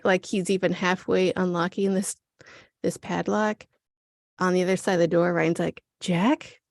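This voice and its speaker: A woman in her thirties co-hosting a podcast, chatty and quick to jump in while recapping a TV episode. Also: on the low side, dry recording, clean studio sound. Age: 30s. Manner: chatty, reactive, quick to interject. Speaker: podcast co-host. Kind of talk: casual episode recap chat.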